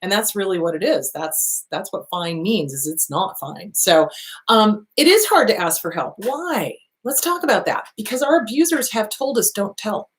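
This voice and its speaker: Middle-aged woman therapist, blunt and swears a lot, lively advice chat, normal pitch. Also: normal speed. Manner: blunt, animated, swears freely, reads questions aloud. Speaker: therapist answering viewer questions. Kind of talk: casual advice talk show.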